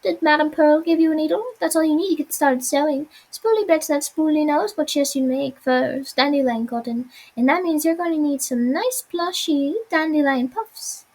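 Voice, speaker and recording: A squeaky, bubbly little sewing creature, put on by a woman reading a game aloud. It chirps high and bright and keeps naming itself in the third person. The pitch sits well up in her range. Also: moderate pace, hardly any pauses, low-quality recording. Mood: eager.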